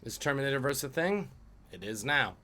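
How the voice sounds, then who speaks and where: A man's voice: medium pitch, very animated, a little fast, pushed and bright. A man hosting a live-streamed trivia quiz, reading questions and joking about viewers' guesses. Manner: jokey, reads out questions and chat guesses. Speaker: trivia host.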